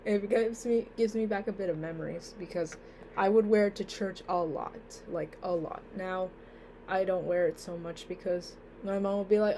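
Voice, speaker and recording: A young woman rambles through a casual vlog, sounding sleepy and a little worn out. Her pitch sits at an ordinary middle height, and she fills pauses freely and trails off. A faint noise hums under the recording. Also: fairly even intonation, warm tone. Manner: rambling, with many fillers and trailing "so yeah". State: sleepy and tired. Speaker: vlogger.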